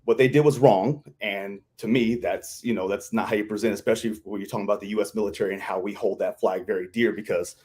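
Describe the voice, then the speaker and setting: A man's voice: on the low side, quick pace, few pauses, husky. Man telling a story. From Kentucky, US South. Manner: animated storyteller, acts out quotes. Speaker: guest, veteran. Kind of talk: casual live-stream chat.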